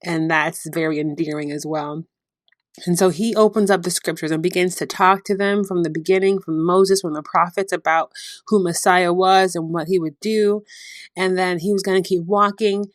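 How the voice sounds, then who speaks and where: A woman hosting a devotional podcast, retelling Bible stories in a lively storytelling way with frequent laughter. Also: fairly low pitch, normal speed, no echo, studio quality. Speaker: podcast host.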